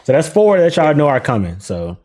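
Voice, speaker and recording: A man's voice: on the high side, sing-song, fairly quick, mellow. A man hosting a casual livestream talk show, loose and laughing, with slang.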